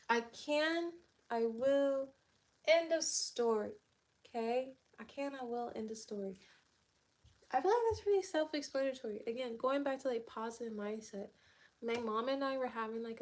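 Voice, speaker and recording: A woman hosting a casual livestream, chatting upbeat and loose with lots of fillers, talking straight to her viewers. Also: a little high. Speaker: livestream host.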